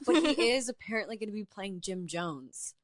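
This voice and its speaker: A woman's voice: mid-range voice, moderate pace, no echo, clean studio sound. A young woman, an artist and writer, guest in a casual interview, telling a story animatedly with lots of "like" and acted-out quotes. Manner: animated, heavy use of "like", acts out quotes.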